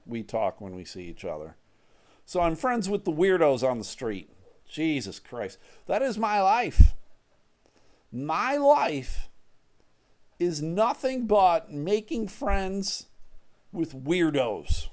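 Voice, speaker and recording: Animated, profane man rambling. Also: fairly high pitch. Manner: profane, joking, self-mocking. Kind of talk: casual rambling monologue.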